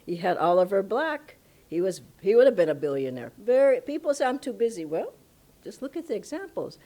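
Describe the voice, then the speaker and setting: A woman spiritual teacher telling stories at a satsang, emphatic and animated, often breaking into laughter. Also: mid-range voice, fairly quick. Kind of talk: storytelling satsang talk. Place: ashram satsang hall.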